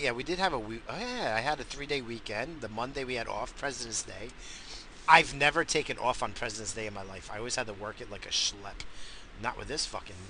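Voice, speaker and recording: A man hosting a casual rambling monologue, swinging from loud hyped shouts to low muttering, swearing often and coughing now and then. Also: gravelly, noisy background. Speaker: podcast host.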